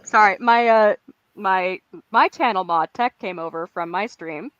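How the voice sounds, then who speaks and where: A woman's voice: mid-range voice, a little slow, fairly bright tone, dry recording, dull audio. A woman from California, chatting casually on a video call while she has a cold, in a lightly self-mocking tone. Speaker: writing group co-host. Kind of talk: casual chat.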